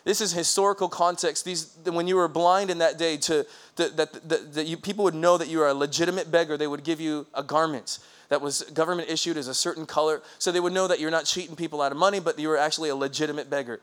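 A man preaching a sermon in a lively, conversational way, laughing and acting out quotes. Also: fairly high pitch, quick pace, few pauses. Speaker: pastor.

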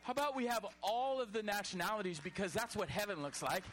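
High-voiced man preaching with fire. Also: fast, a faint crowd, a little hiss or hum. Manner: animated, exhorting, at times shouting. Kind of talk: sermon.

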